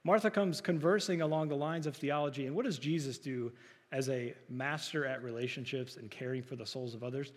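A man's voice: mid-range voice, fairly quick, big-room sound. A man preaching a sermon, talking to the congregation in a conversational way with rhetorical questions. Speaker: pastor.

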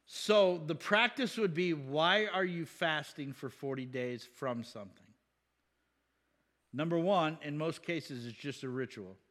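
A man's voice: on the high side, a little slow, a bit bright. A man, a pastor, teaching the Bible in a casual, conversational way, asking rhetorical questions and chuckling.

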